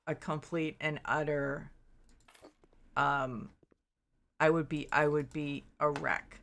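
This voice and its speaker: A woman's voice: deep voice, steady tone, unhurried, fairly bright tone. A middle-aged woman streamer chatting casually while playing, rambling and restarting her sentences, acting out her own disbelief. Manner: rambling, self-interrupting, quotes herself in exaggerated disbelief. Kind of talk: casual chat while gaming.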